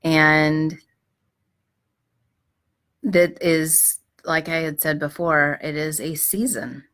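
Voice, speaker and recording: Middle-aged woman host, low-pitched yet bright and forceful tone, gentle advice talk with fillers. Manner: gentle, reflective, frequent fillers and restarts. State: clearing her throat. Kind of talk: live-streamed advice talk.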